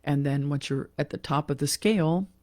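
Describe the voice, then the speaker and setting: A woman giving a casual online piano lesson, talking in a relaxed, chatty way with fillers and self-corrections. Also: deep voice, moderate pace, no echo, clean studio sound. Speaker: piano teacher. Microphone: computer mic during a screen share.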